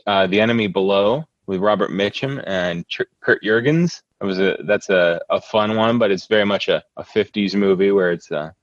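A man guesting on a podcast, chatting casually but hesitantly, with many pauses and restarts, through a muffled lo-fi mic. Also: deep voice, dry recording. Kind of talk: casual chat.

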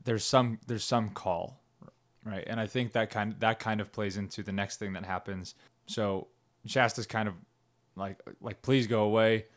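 Guy w a low steady voice, casual reflective faith chat. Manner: reflective, reads quotes aloud.

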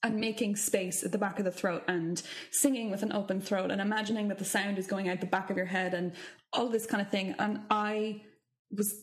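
A woman singing teacher in casual chat, animated and curious, with quick asides. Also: mid-range voice.

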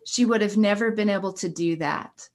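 A woman's voice: medium pitch, normal speed. A middle-aged woman, a school counselor, telling a personal story in an earnest, encouraging way during a casual podcast conversation.

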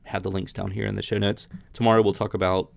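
Here a man with a fairly low, creaky voice speaks quickly and flatly, with no echo on the audio. He hosts a podcast where he reads scripture and chats about it loosely, frequently starting over.

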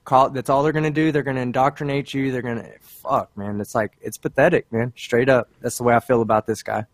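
A man's voice: medium pitch, steady tone, quick pace, dry recording. A man on a casual panel chat, earnest and indignant, swearing as he talks.

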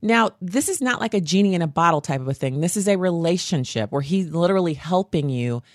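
A woman hosting a faith podcast, telling stories in an animated, earnest way. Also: lowish voice, fairly quick, no echo, studio quality. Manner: animated, earnest storytelling with laughs. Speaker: podcast host. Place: home studio.

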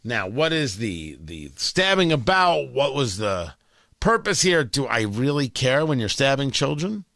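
A man's voice: medium pitch, sing-song, unhurried, gravelly, fairly bright tone, no echo. A man hosting a talk radio show, delivering a blunt, opinionated monologue with sarcastic asides from a studio mic.

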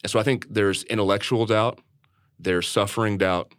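Deep-voiced church podcast guy telling a story, earnest, stumbles and repeats words, dry close mic. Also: steady tone, moderate pace, a bit bright, dry recording. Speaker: church leader and podcast co-host. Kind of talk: candid conversational storytelling.

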